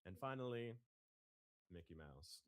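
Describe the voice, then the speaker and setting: A man speaks as a guest on a live stream, slowly and thoughtfully. He pauses to search for words. His pitch moves a lot as he talks. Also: expressive. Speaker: guest voice impressionist. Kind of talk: casual live-stream chat.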